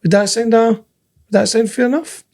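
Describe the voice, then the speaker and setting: A man's voice: high voice, steady tone, brisk, a little mellow. A man with a Scottish accent co-hosting a podcast, chatting casually with plenty of jokes and laughter. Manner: jokey, laughs often, chatty storytelling. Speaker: podcast co-host. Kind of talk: casual banter.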